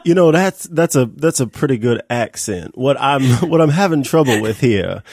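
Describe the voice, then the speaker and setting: Man, podcast co-host, animated, rambling, mid pitch, dry close recording. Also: normal speed, husky, dry recording. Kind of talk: casual chat.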